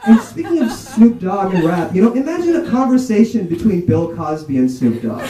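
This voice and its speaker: A young man performing an animated stand-up comedy set at a college comedy night, slipping into mock voices. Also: sits high, fairly quick, hardly any pauses. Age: young adult. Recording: roomy, distant amateur recording with crowd laughter. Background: audience laughing.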